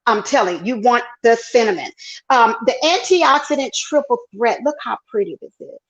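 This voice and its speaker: Over a lo-fi earpiece livestream, a Southern Texas woman enthusiastically shows off her tea products in a chatty sales demo. She speaks at a moderate pace with lively intonation and an exuberant manner.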